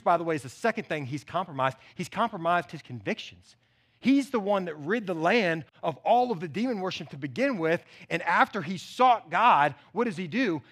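A male pastor delivers a sermon in an animated, chatty style with frequent asides. His voice is high and bright, and his tone is forceful. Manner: animated, conversational preaching with asides to the church.

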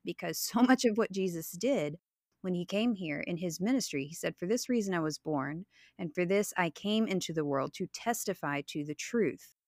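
A woman in her thirties talks on a faith podcast, sharing personal stories in an earnest, reflective way. Her voice sits low for a woman. The sound is dry and close, with no room echo. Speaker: podcast co-host.

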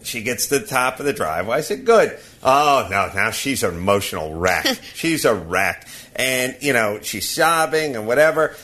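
A man's voice: mid-range voice, expressive, normal speed, few pauses, sharp tone. A man hosting a podcast, ranting and laughing through a casual comic story. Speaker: podcast host.

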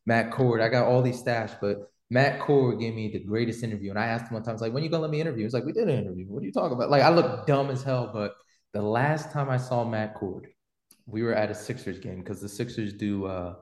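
A man hosts a podcast and tells a story in loose, slangy talk, with lots of "you know" and "like." His pitch sits right in the middle. The room around him gives his voice a noticeable echo. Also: fast talker. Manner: slangy, rambling storyteller with many fillers. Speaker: podcast host. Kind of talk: casual storytelling chat.

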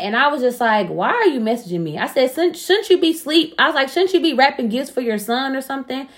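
A young woman on a casual chat show, telling a personal story in a blunt, profane, animated way and acting out the back-and-forth. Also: fairly high pitch, a little fast, hardly any pauses.

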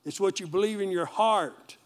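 A man's voice: high voice, normal speed. A man pastor, preaching a sermon in a folksy call-and-response manner and joking with the congregation.

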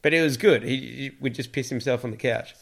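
A man's voice: mid-range voice, brisk, vocal fry. A man chatting casually, telling a funny story and laughing easily. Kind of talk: casual chat.

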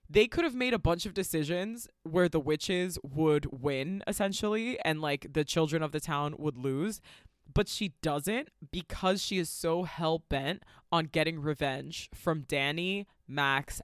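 Profane, animated woman recapping a film. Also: low voice, measured pace, clean tone, no room sound, clean studio sound. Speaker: podcast co-host. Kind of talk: casual movie recap chat.

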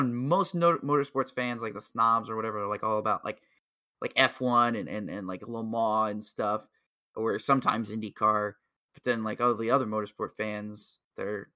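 A man talking on a casual podcast, rambling and excitable, with plenty of filler words. His voice is bright and forceful. The sound is close and dry, with no room around it. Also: on the low side, dry recording. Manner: excitable, laughs at own jokes. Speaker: podcast co-host. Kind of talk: casual chat.

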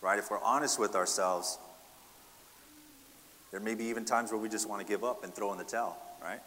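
A pastor preaches a sermon in a large hall with slight background noise, his lowish voice a little fast and sharp in tone. He poses rhetorical questions to the congregation and frequently tacks on "right?".

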